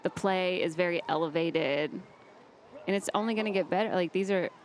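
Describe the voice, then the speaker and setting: A woman's voice: on the low side, normal speed, slight background noise. Chatty sarcastic Southern woman in a booth. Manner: chatty, sarcastic, laughs often. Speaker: guest commentator. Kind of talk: casual chat in a commentary booth. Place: broadcast booth at a baseball stadium.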